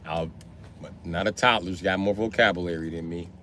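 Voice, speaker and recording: A man chatting casually on a livestream, telling animated, profane stories with frequent laughter. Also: deep voice, normal speed, noisy background.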